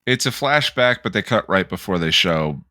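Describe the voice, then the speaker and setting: Low-voiced thoughtful male podcaster. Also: animated, sharp tone, a little hiss or hum. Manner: thoughtful, analytical, hesitant with many pauses. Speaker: podcast co-host. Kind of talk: casual podcast discussion.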